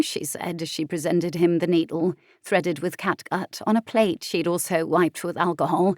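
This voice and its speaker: Expressive female audiobook narrator. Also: on the low side, moderate pace, hardly any pauses, no echo, studio quality. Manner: expressive storytelling.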